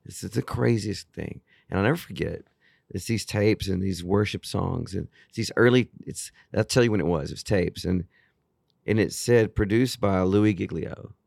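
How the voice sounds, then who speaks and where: Deep gravelly man. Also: normal speed, no echo, clean studio sound. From Texas. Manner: earnest, animated, with frequent restarts. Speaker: worship singer-songwriter, guest. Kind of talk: storytelling in an interview.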